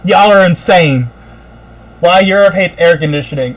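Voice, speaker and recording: On a low-quality recording with a bit of hiss or hum, a high-sitting male voice rants at a moderate pace. He's an American podcast co-host in casual chat, cursing freely and mocking others through exaggerated impressions.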